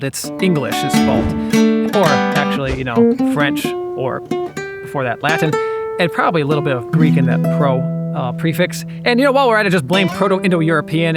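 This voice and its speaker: A man narrating his own show in a playful, chatty way, full of asides. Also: on the high side. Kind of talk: scripted voice-over narration.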